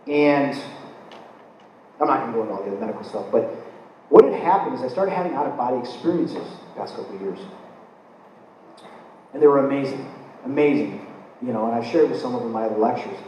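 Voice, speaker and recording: A man giving a live spiritual lecture, telling his own stories in an animated way and acting out his reactions. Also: mid-range voice, fast talker, long pauses. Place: lecture hall. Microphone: recorded from the audience. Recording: very echoey room, voice from far off, faint room noise.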